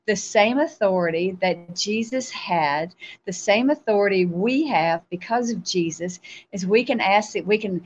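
A woman, a guest on a show, telling a spiritual testimony in an animated storytelling way, acting out her own replies. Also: medium pitch, measured pace, highs cut off, slight background noise.

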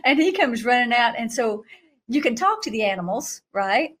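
A middle-aged woman telling a story in an animated way, laughing often and jumping to a high voice when she acts out reactions. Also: normal speed. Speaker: guest recounting a vision.

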